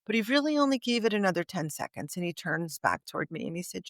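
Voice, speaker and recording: A woman's voice: fairly low pitch, very animated, quick pace, no echo, clean studio sound. A woman guest on a podcast, telling a story in conversation and acting out the dialogue of the people in it. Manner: vivid anecdote teller, acts out quoted dialogue.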